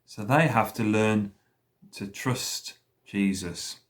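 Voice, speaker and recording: Slow, low-voiced man telling a children's story. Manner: slow, deliberate retelling with questions to children. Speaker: school worship leader.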